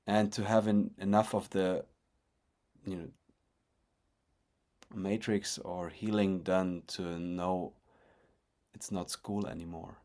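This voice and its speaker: Man, lowish voice, eager and animated, stop-start phrasing, video call. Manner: animated and enthusiastic, with halting restarts. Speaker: research partner. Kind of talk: reflective conversation.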